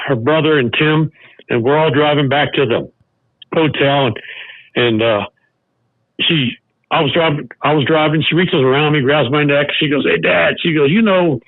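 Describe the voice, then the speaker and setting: An older man, a former baseball coach, tells a personal story as a podcast guest, halting and restarting often. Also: fairly high pitch, no room sound. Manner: halting, with many restarts and fillers. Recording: narrow phone-like sound.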